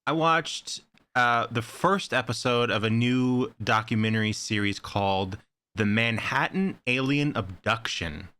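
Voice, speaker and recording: A man co-hosting a casual horror podcast, rambling excitedly with lots of "like" fillers. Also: medium pitch, measured pace, clean tone, dry recording. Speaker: podcast co-host. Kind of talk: casual chat.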